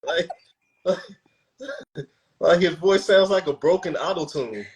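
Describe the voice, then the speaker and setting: A man's voice: fairly high pitch, a little slow, low-quality recording. Laid-back man in casual chat. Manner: laid-back, laughs often, restarts sentences. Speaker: podcast host.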